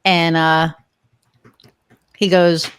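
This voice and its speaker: A woman's voice: fairly low pitch, little pitch movement, very slow, clean tone, no room sound, clean studio sound. A woman in her sixties hosting a podcast, telling rambling, chatty stories and joking about her age. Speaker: podcast host. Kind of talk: casual conversational interview.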